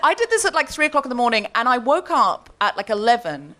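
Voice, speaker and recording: Lively high-voiced woman telling a comic story. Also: fast, slight background noise. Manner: animated, laughing as she tells a story. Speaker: comedy podcast host. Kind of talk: live stand-up storytelling. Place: live comedy stage before an audience.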